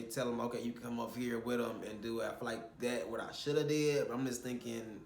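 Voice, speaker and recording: A man's voice: mid-range voice, a little hiss or hum. Rambling young man in an echoey room. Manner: rambling, animated, swears when retelling frustrations. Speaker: vlogger recounting a shoot. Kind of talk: casual storytelling vlog.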